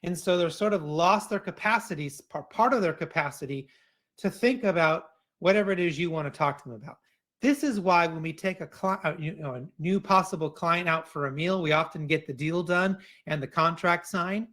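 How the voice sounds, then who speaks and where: A man's voice: fairly high pitch, a little fast, fairly bright tone. A man giving a keynote talk in a conversational way, often restarting phrases and adding asides. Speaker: keynote speaker.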